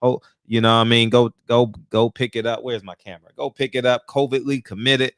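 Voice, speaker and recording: A man's voice: mid-range voice, fairly even intonation, fairly quick, a bit bright, clear, resonant tone, dry recording, clean studio sound. A man hosting a casual livestream, greeting viewers by name and ranting loosely with plenty of swearing. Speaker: livestream host. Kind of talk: casual chat.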